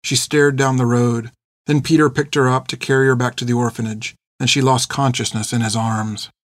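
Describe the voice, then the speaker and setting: A man narrates an audiobook with a mid-range voice, reading steadily and with measure. There's no echo, and the studio sound is clean.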